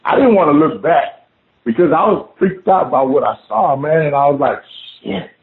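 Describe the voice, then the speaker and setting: A man casually telling a scary story of his own, animated and swearing, saying "man" at every turn. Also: fairly high pitch, moderate pace. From Oklahoma. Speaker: guest telling an encounter story. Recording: phone-line call audio.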